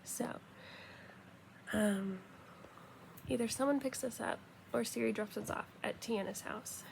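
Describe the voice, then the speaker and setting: Young woman, casual storyteller, slightly high voice with gravelly fry, animated retelling, faint hiss behind. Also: unhurried. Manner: chatty, animated retelling with quoted dialogue.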